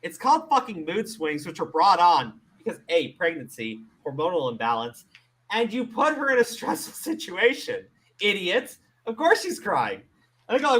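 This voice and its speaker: High animated guy ranting, swearing constantly, super exasperated. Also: normal speed. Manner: profane, exasperated, emphatic ranting. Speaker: commentary show host. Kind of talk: ranting commentary.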